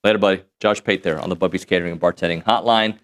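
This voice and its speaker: A man's voice: low-pitched, fairly even intonation, rapid-fire. A man hosting a sports talk radio show, joking around and doing live ad reads in a loose, rambling way.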